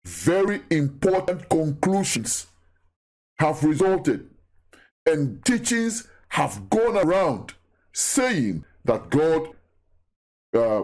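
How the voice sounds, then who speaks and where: A man giving a recorded Bible teaching, who talks deliberately, repeats key phrases and asks his listeners questions. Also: fairly high pitch, sing-song, a little mellow.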